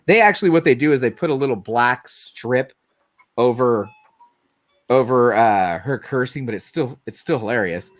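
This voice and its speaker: A man's voice: mid-range voice, expressive, normal speed, soft background music. A man in his forties hosting a late-night livestream, chatting casually, laughing often and swearing freely. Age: 40s. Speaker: livestream host.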